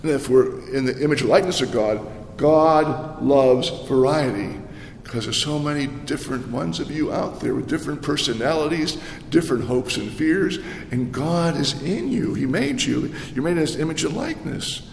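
A man's voice: a little high, animated, normal speed, vocal fry, a little hiss or hum. Man, pastor, conversational sermon, many restarts, rhetorical questions, echoey church. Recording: echoey church hall with long reverb.

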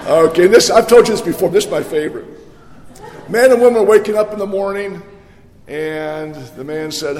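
A man preaching a sermon in a church, telling jokes and voicing the people in them with lively delivery. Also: high voice, moderate pace, a little hiss or hum. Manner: jokey storyteller, voices the jokes, lively preaching. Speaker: pastor. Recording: echoey hall reverb.

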